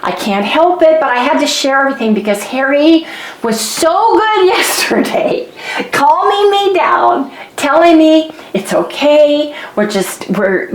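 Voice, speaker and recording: A chatty woman talks straight to her viewers in a rambling, animated vlog rant. Her voice sits a little high for a woman. The sound is echoey, as if she is recording in a bare room. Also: measured pace. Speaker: vlogger.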